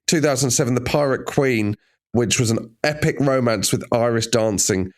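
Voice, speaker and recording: A man's voice: mid-range voice, moderate pace. A man co-hosting a podcast, chatting in a wry, joking way and swearing freely. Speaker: podcast co-host. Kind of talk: casual comedic chat.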